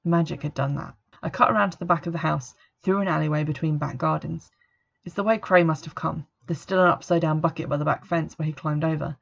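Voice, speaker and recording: A woman reading a first-person story as narrator, in a steady, even manner, on a dull lo-fi recording. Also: low voice, fast, creaky. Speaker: audiobook narrator.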